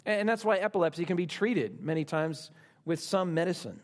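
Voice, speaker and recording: Emphatic man preaching a sermon. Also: animated. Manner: emphatic, repeats phrases for stress; speaks slowly on key lines and rises in pitch for emphasis. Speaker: pastor.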